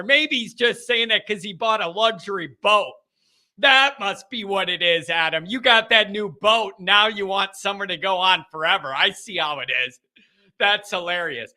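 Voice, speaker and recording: A man hosts a fan call-in stream, his voice pitched high and sounding piercingly bright. He rants with fired-up excitement, bursting into shouts before talking himself back down. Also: normal speed. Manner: fired-up, ranting, swings between shouting and calming down. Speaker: host of a sports call-in stream. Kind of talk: excited sports talk rant.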